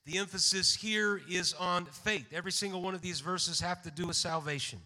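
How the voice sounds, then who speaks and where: High bright-voiced preacher in a reverberant hall. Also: male voice, fairly even intonation. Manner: measured, slows for scripture readings, calls out amen. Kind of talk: sermon.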